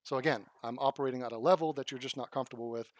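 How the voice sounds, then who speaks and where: A man's voice: mid-range voice, steady tone, rapid-fire. A man reacting to video clips with blunt, profane, sarcastic commentary. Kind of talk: combative commentary.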